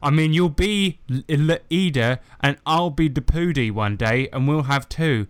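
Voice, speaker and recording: A man's voice: on the high side, unhurried, clean tone, no room sound, natural voice. A man voicing a posh young cat apprentice from a fan story, laughing as he reads. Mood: giddy. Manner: posh, laughing through lines.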